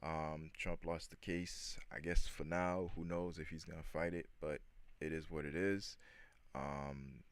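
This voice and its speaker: Low-voiced man rambling through news commentary. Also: measured pace, smooth. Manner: rambling, loose, many "um" fillers; relaxed, talks straight to viewers. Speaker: channel host commenting on news clips. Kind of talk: casual news commentary vlog.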